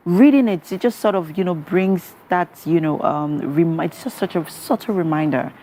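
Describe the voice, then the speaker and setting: Woman, Nigerian English accent, breakfast TV host, chatty with fillers, low voice. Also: normal speed, mellow. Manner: chatty, lots of "you know" fillers. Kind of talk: TV interview.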